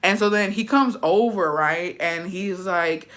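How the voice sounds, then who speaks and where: A young woman hosting a livestream, telling a story in a rapid, profane, casual way and dropping in Spanish words. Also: lowish voice, fairly bright tone. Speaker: livestream host.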